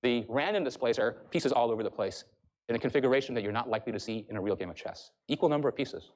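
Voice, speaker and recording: A male professor giving a university lecture and explaining things briskly to his audience. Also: medium pitch, animated, darkish tone. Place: lecture hall.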